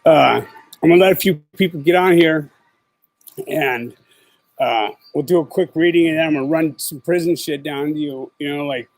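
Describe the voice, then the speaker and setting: A middle-aged man with a fairly high, darkish voice talks at a normal speed on a low-quality recording. He's a podcast host chatting casually on a livestream of his own show, rambling in profane street slang full of fillers.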